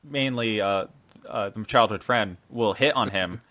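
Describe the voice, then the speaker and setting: A man casually recapping anime episodes as a podcast host, talking in an animated way. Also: fairly low pitch, a little slow. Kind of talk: casual chat.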